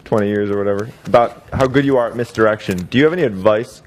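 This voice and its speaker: A man in the audience asking a magician questions, halting and restarting his sentences. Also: lowish voice, darkish tone.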